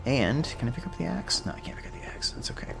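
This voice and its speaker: A man's voice: mid-range voice, very animated, fast talker, whispered. A man giving casual, chatty commentary while playing a video game, often drifting into history asides. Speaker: game streamer. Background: game music.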